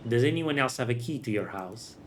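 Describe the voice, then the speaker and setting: A man's voice: mid-range voice, animated, a little fast, a little hiss or hum, close to an everyday voice. Man reading a courteous half-orc heroine. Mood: polite. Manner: formal, courteous.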